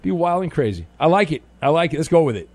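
A man hosting a call-in radio show, bantering with callers in a sarcastic, animated way. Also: fairly high pitch, fast. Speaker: radio host.

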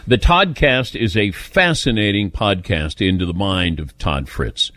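A man hosting a sports talk radio show, speaking in a dry, wry, brisk way. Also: fairly low pitch, expressive, sharp tone, no room sound.

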